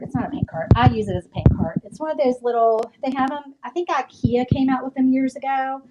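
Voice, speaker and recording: A woman's voice: fairly high pitch, steady tone, fairly quick, hardly any pauses. A woman giving a rambling, chatty live tour of her home craft room, slightly out of breath as she walks around, with lots of ums and likes. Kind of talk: casual live-stream chat. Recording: loud background noise with clicks.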